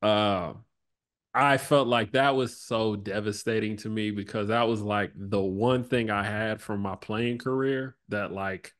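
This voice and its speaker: A man in his thirties speaks as a podcast guest in a fairly low voice. He talks in a loose, relaxed way, full of fillers, and his voice drops and fades as he reflects. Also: measured pace. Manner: relaxed, lots of "like" and "you know", trails off softly. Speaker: podcast guest, former basketball player. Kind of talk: reflective conversational interview.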